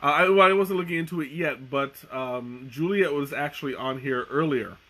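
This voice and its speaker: A man's voice: a little high, normal speed, a bit bright. A man hosting a casual tea-tasting live stream, rambling with many ums and restarts. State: hiccuping. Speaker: tea livestream host.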